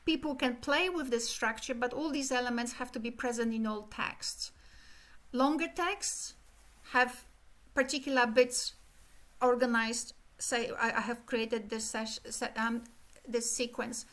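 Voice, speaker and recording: A middle-aged woman giving an animated academic keynote lecture, illustrating speech rhythm with sung syllables. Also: fairly high pitch, a little slow. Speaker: keynote speaker.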